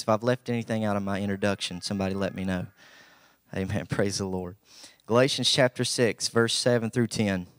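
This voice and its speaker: A man's voice: fairly low pitch, smooth, no room sound, studio quality. A young man from Southwest Virginia with an Appalachian accent, preaching a folksy, humble sermon that rises to emphatic bursts.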